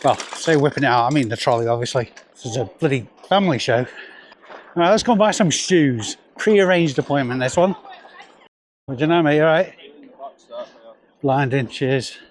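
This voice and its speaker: A man's voice: mid-range voice, expressive, moderate pace, long pauses. A man with a Northern English accent, chatting and joking with sellers as he vlogs his way round an outdoor car boot sale. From North West England. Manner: chatty, jokey, bantering with sellers. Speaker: reseller vlogger. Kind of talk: casual vlog chat.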